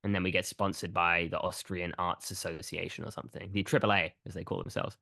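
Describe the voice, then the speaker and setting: A man co-hosting a casual film podcast, talking in a relaxed, rambling way with many fillers. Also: deep voice, fairly quick, vocal fry, no echo, clean studio sound. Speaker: podcast co-host.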